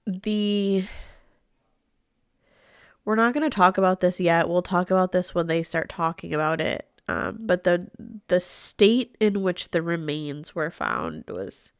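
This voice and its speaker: A woman's voice: fairly low pitch, lively intonation, measured pace, clear, resonant tone, dry recording, studio quality. A young woman hosting a live true crime recap in a casual, blunt way, swearing freely, her voice nasal and stuffed up. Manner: blunt, swears often, laughs while talking. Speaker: true crime livestream host.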